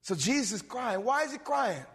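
A man preaching a sermon, animated, swinging between loud bursts and low asides. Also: moderate pace, breathy edge. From suburbs. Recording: long reverb of a hall.

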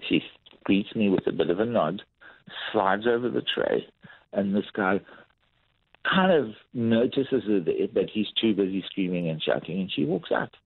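A man's voice: lowish voice, measured pace, slightly rough, no echo. Man telling stories over a tinny line. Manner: animated anecdotal storytelling with acted-out quotes. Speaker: lifestyle coach guest. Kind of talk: storytelling in a podcast interview.

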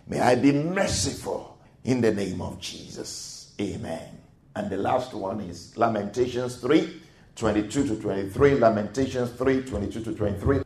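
A male pastor delivers a slow, deliberate sermon, his pitch swinging widely as he repeats phrases. His voice climbs to near-shouts and sinks back down. The sound carries a roomy echo. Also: creaky. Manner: slow, swelling preaching with repeated phrases, rising to near-shouts and dropping low. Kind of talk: sermon with prayer.

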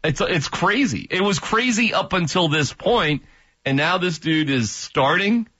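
Co-host: lively, bright male voice, emphatic, lo-fi radio sound. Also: high-pitched, a little slow, husky, no echo. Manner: animated, emphatic. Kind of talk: casual sports radio chat.

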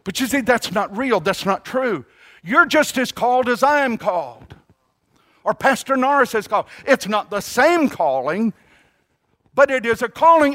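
High-voiced emphatic male preacher. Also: a bit bright. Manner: emphatic, calls congregation to repeat phrases; halting restarts, drawn-out emphasis. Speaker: pastor. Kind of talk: sermon.

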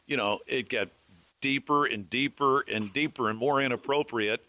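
A middle-aged man, a former weatherman and radio host, telling animated anecdotes among colleagues. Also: mid-range voice, normal speed, dry recording. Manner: animated anecdote-telling, acting out phone calls. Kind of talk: casual storytelling among colleagues.

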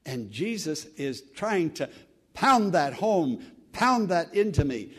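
A man's voice: on the high side, big pitch swings, slow, fairly bright tone, slightly rough. A man preaching an earnest sermon, building to emphatic exclamations. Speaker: pastor.

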